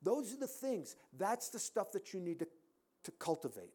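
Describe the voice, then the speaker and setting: A man preaching a sermon in a church, emphatic, rising to loud peaks and dropping to quiet endings. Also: high-pitched, sing-song, normal speed, husky.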